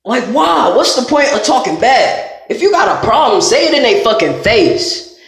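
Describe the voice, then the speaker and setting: High-voiced man ranting in an echoey room. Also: very animated, normal speed, gravelly, fairly bright tone. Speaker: vlogger. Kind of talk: heated profane rant to camera.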